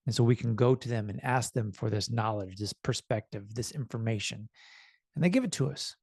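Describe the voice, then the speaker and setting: A man's voice: mid-range voice, brisk, gravelly, slightly rough, no echo, studio quality. A man talking to the camera in a casual motivational vlog, telling a story earnestly and acting out the people in it. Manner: earnest, animated storytelling with quoted voices. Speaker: self-improvement vlogger.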